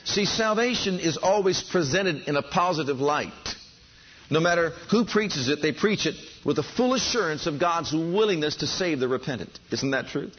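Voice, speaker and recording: Heard through dull, lo-fi audio with a little hiss or hum, a male pastor preaches in an expressive, fairly high voice at a moderate pace. His sermon is fervent and gathers enthusiasm as he urges the listeners to respond.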